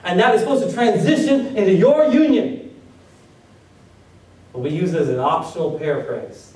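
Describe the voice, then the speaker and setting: A man's voice: high voice, expressive, moderate pace, long pauses, darkish tone. A man preaching a sermon as pastor, firing off rhetorical questions at his congregation. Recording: very echoey room, voice from a distance.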